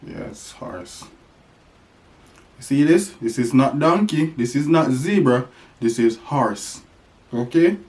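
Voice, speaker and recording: Lively dad, sing-song. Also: male voice, mid-range voice, unhurried, a little hiss or hum. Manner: sing-song talk to a toddler with animal sounds. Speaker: father teaching his baby. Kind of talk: playful home vlog.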